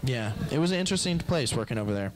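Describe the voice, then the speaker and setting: A man's voice: medium pitch, lively intonation, very fast, low-quality recording. A young man performing a stand-up comedy set in a club, rambling through stories and acting out the people in them. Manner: rambling storyteller acting out characters.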